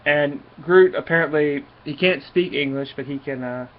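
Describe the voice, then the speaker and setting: A man's voice: fairly high pitch, moderate pace. A man giving a casual comic book review, enthusiastic and rambling with frequent restarts. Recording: dull lo-fi recording.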